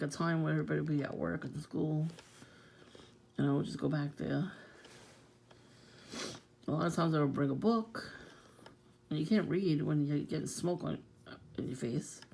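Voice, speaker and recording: A woman talks straight to her viewers in a loose, profane rant and laughs often. Her voice is gravelly and low, with a dark, mellow tone. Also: a little hiss or hum. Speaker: vlogger. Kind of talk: casual rant to camera.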